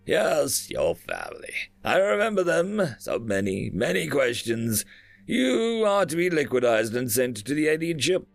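A man voicing a pompous, hot-tempered male alien priest who barks raspy commands. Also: on the high side, big pitch swings, unhurried, dry recording, faint music behind, pitched above the performer's own voice, heavily acted. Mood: haughty. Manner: shouting, commanding.

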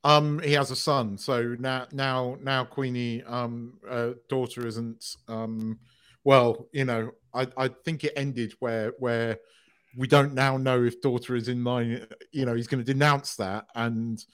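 A man's voice: mid-range voice, little pitch movement, measured pace, a bit bright, clean tone. A man hosting a live podcast in casual chat, blunt and sweary, stammering through restarts. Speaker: podcast host.

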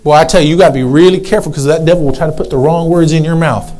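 A man in his fifties preaching an animated sermon as a pastor, repeating himself and calling for responses from the congregation. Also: fairly high pitch, racing, low-quality recording.

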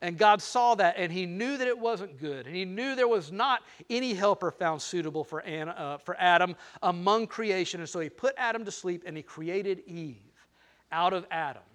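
A man's voice: high voice, animated, normal speed, fairly bright tone. An older man preaching a sermon, playful and teasing, talking straight to the crowd. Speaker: pastor.

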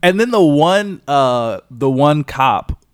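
A young man co-hosting a casual movie review chat, animated and swearing a lot, often mimicking voices. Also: a little high, slow pace, clean tone, no room sound, clean studio sound. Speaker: podcast co-host.

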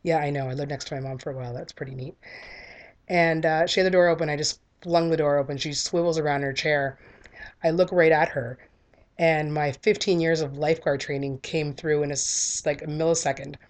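A woman's voice: sits low, steady tone, a little fast. A woman in her thirties giving a candid, earnest talk that tells a personal story in a conversational way. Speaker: speaker sharing a personal story.

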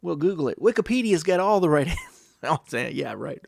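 A gravelly-voiced man holds forth in a loose, rambling monologue. He swears freely and keeps firing rhetorical questions at the listener. The sound is close and dry, with no room echo. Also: a little high, very animated, a little fast. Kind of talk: casual monologue.

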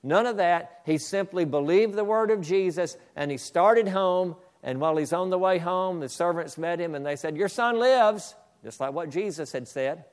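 A man's voice: fairly high pitch, normal speed, hardly any pauses, a little mellow. A male pastor preaching a sermon, reading a story aloud and calling on his congregation to pay attention. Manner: emphatic, calls on the congregation.

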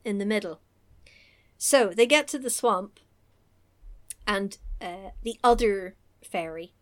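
A woman's voice: medium pitch, takes it slowly. A woman from England chatting casually as a podcast co-host, rambling and giggly as she recaps a story. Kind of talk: casual chat.

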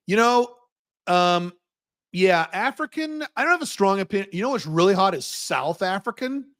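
Blunt, high-voiced man host. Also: animated, moderate pace, fairly bright tone. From United States. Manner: blunt, profane, opinionated. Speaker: host answering viewer questions. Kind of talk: livestream Q&A.

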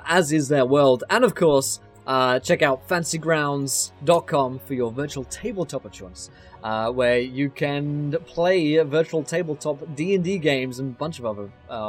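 A man's voice: mid-range voice, expressive, normal speed. Man, stream host, casual sponsor read, chatty, laughs a lot, stumbles over words, faint music behind. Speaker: host and player.

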